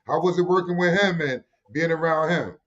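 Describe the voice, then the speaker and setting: Male host, casual and halting, a bit high, muffled recording. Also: fairly bright tone. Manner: loose, halting questions. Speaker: show host. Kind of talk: casual interview chat. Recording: dull lo-fi sound.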